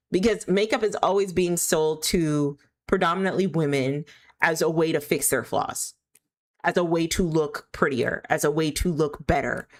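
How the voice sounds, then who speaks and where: Low-voiced woman streamer, chatty. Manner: chatty, rambling, full of "like" fillers; candid, opinionated. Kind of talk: casual chat while gaming.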